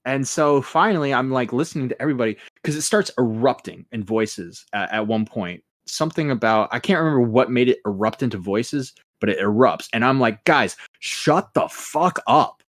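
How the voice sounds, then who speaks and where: A man in a loose podcast chat, telling stories with plenty of swearing and a lively, animated delivery. His voice sits in the middle of the usual range for a man, and the recording is close and dry with no room sound. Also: medium pitch, a little fast, few pauses, no echo. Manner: profane, animated storytelling. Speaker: podcast host and moderator.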